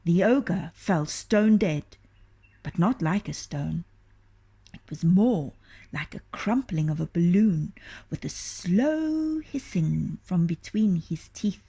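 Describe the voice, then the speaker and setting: A woman reading a children's storybook aloud, expressive and often dropping into a hushed whisper. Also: on the low side, slow pace, breathy edge.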